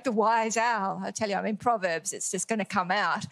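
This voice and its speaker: A woman's voice: medium pitch, normal speed, vocal fry, few pauses, a bit bright. A woman giving a devotional Bible teaching, earnest and emphatic, often repeating key words. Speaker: preacher.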